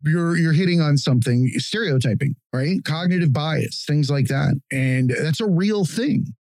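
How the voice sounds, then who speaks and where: A man hosting a podcast, his voice sitting a little high for a man. He talks in a blunt, opinionated way and swears freely. The sound is dry and close to the mic. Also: moderate pace, darkish tone, no echo. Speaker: podcast host. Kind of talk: casual podcast chat.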